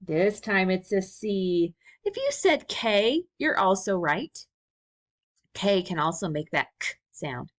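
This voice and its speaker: A young woman teaching a recorded first-grade lesson, speaking slowly and encouragingly to small children. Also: medium pitch, very animated. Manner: slow, sing-song, encouraging teacher talk.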